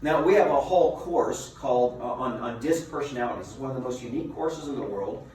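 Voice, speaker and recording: A man giving a motivational seminar as a business coach, a lively storyteller who asks his listeners rhetorical questions. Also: mid-range voice, brisk. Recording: very echoey room, mic far off, faint noise.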